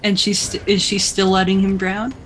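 Brisk woman at a tabletop game. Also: medium pitch, monotone, slight background noise, low-quality recording. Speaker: player.

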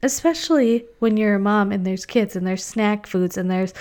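A woman in her thirties talks in a casual, candid chat as a mom and podcaster. Her voice is smooth and clear. She speaks at a medium pitch and leans on "like" as she goes. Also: normal speed, a little mellow. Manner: chatty and candid, peppered with "like".

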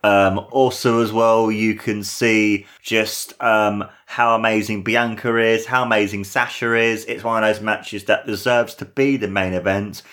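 A man's voice: on the low side, steady tone, unhurried, few pauses, a bit bright. Gushing young man reviewing a match. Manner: gushing, enthusiastic, full of fillers. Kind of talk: excited watch-along commentary.

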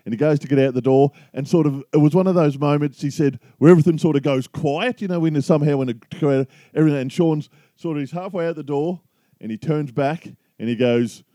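A middle-aged Australian man co-hosting a casual podcast chat, spinning a long yarn at an easy pace. His voice is mellow and dark, and the sound is dry and close. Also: a little high, fast, no room sound. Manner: easygoing storyteller spinning a yarn. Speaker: podcast co-host.

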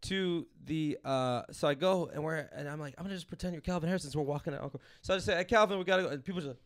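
A man in his thirties from Los Angeles, a comedian hosting a podcast, telling a rambling story with animated energy and laughing as he goes. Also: on the high side, fast. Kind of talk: casual storytelling chat.

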